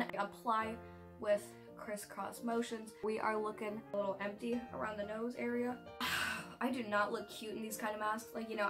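A woman chatting playfully through a casual makeup vlog, often poking fun at herself. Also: mid-range voice. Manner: chatty, playful, self-mocking. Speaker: beauty vlogger.

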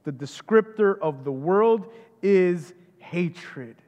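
High-pitched male pastor, slow deliberate sermon, emphatic, rhetorical questions, long church reverb. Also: lively intonation, darkish tone, lo-fi sound. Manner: rhetorical questions, emphatic repetition, frequent restarts.

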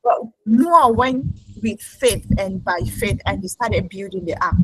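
A woman preacher delivering a lively sermon, mimicking her congregants and laughing often. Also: medium pitch, normal speed, hardly any pauses, husky, no room sound, poor audio.

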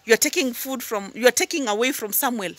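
A woman's voice: a little high, quick pace, dry recording. A woman giving impassioned commentary as a YouTube reactor, firing rhetorical questions and prodding with "hmm?" and "huh?". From Tanzania. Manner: repeats words when worked up, then drops into calmer asides.

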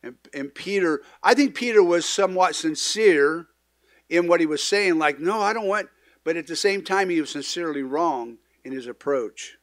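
A man's voice: fairly high pitch, lively intonation, normal speed, dry recording, clean studio sound. Earnest man preaching a casual sermon. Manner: conversational preaching with frequent restarts and asides; acts out quoted lines with sudden loud emphasis. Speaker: pastor. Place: church sanctuary.

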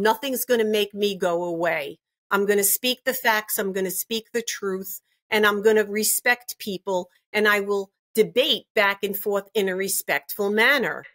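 A woman's voice: mid-range voice, normal speed, a bit bright. Brief: older woman, grandmother, interview guest; firm, emphatic, indignant delivery, mid-range voice. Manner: emphatic, indignant, repeats herself.

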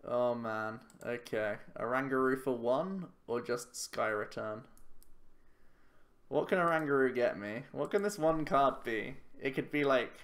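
A man's voice: mid-range voice, a little slow, a bit bright. A man giving casual commentary while playing a card game, thinking aloud in a chatty, self-mocking way. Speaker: YouTube card game player.

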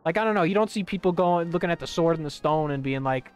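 A man's voice: a little high, fast talker, darkish tone. Rambling young man streaming a game. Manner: rambling, profane, full of fillers and restarts. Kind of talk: casual commentary while gaming. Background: faint game music.

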